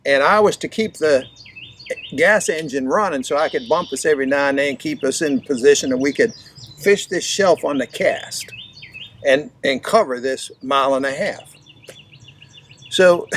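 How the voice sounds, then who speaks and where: A man with a fairly high voice tells a fishing story in a folksy, lively way. He teaches through his own anecdotes like an instructor. There is a faint hiss in the background. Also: unhurried. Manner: folksy, animated anecdote-telling. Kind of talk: storytelling lesson.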